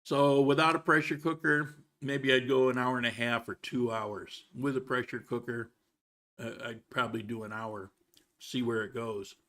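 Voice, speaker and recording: A man hosting a relaxed live chat stream from home, talking in a loose, rambling way. He wanders between thoughts and restarts his sentences, sometimes talking with his mouth full. His voice sits at an ordinary middle pitch. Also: normal speed. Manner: rambling, chatty, with frequent restarts; talks while eating. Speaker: livestream host. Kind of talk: casual livestream chat. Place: home in Colombia.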